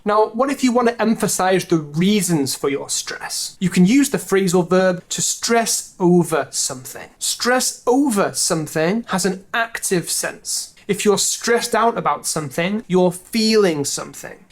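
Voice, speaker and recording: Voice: mid-range voice, expressive, measured pace, few pauses. Dry-humored English teacher explaining phrases. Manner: dry, joking asides. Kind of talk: explaining a language lesson to camera.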